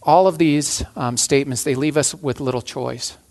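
A man's voice: medium pitch, fairly even intonation, normal speed, a little mellow. A man preaching a sermon as a pastor, earnest, often restarting and repeating phrases.

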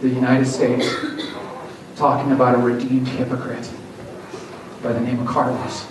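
A man's voice: medium pitch, level tone, normal speed, a crowd in the background. A man preaching a sermon as pastor, telling a story and then urging his listeners earnestly. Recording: echoey hall, distant mic, audible background noise.

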